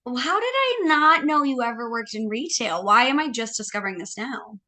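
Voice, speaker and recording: Bright, chatty woman podcast host. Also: on the high side. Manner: animated, chatty, quick laughs, lots of "like" and "you know". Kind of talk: casual interview chat.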